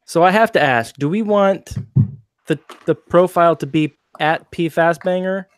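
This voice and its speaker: A man's voice: on the high side, normal speed, smooth, no room sound, clean studio sound. A man hosting a casual podcast, teasing his co-host and laughing often. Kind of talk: casual chat.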